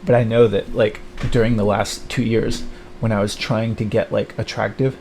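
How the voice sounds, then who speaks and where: Bitter, halting man with a dark voice. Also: level tone, a little hiss or hum. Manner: bitter, halting, full of fillers and restarts; mocks others in high put-on voices. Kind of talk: rambling livestream monologue.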